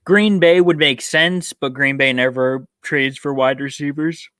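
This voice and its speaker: A man with a bright, forward voice talks through sports news on his own podcast, thinking aloud and filling gaps with ums. He sounds a little tired, and the sound is close and dry. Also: mid-range voice, steady tone, measured pace, dry recording. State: tired, yawning. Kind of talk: casual solo sports talk.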